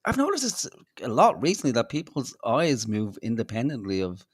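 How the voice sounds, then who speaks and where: A man's voice: mid-range voice, huge pitch swings, normal speed, breathy edge, no echo, studio quality. A man co-hosting a podcast, trading crude jokes and laughing as he talks. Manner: sweary, laughing banter. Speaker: podcast co-host. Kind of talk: casual chat.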